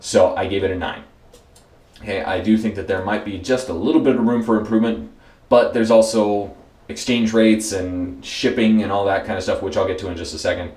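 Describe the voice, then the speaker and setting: A man's voice: on the low side, steady tone, fairly quick, a little mellow. A man hosting a casual product review, easygoing and repeating words for emphasis, with frequent fillers. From United States. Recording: roomy echoey room.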